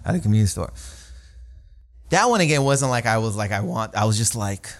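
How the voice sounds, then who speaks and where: Animated comic telling stories. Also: male voice, on the low side, brisk. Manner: animated, laughing, profane anecdotes full of acted quotes. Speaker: stand-up comic guest. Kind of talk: casual podcast storytelling.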